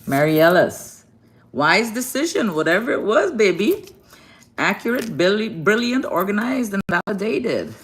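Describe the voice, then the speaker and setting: A woman's voice: medium pitch, sing-song, normal speed. A woman giving an affectionate live-stream card reading from a hotel room, greeting viewers as darling and baby and laughing often. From Guyana.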